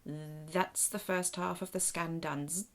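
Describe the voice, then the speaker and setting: Small polite alien captain voiced by a woman, creaky and buzzing like a robot, slow, formal, a touch higher than the narrator. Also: steady tone. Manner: slow, careful, formal speech.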